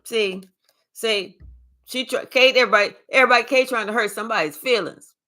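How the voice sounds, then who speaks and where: A woman doing a live tarot reading, talking in a sassy, profane, animated way and chatting with her viewers. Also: fairly high pitch, brisk. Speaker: tarot reader.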